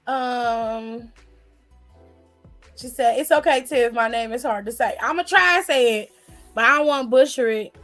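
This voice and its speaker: A high-pitched woman hosts a casual live stream. She reads comments aloud and chats playfully with viewers, calling them honey and child. Faint music plays behind her voice. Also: measured pace, long pauses, a bit bright.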